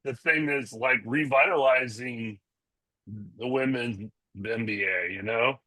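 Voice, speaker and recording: A male podcast co-host in casual chat, mostly giving quick reactions and short agreements. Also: mid-range voice, sharp tone, no room sound.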